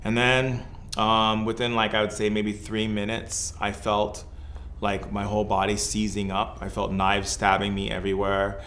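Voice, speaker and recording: Guy with a low, pretty monotone voice, shaman telling his story on a podcast, casual and rambly, gets quieter when it turns reflective. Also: moderate pace, slight background noise. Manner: casual, loose, full of "like" and "you know". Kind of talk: personal storytelling in conversation.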